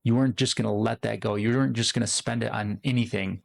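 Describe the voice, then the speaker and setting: Father in a told story, firm and plain, a man doing the voice in his own gravelly register. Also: lowish voice, fairly even intonation, fast talker. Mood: proud. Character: stern but loving father.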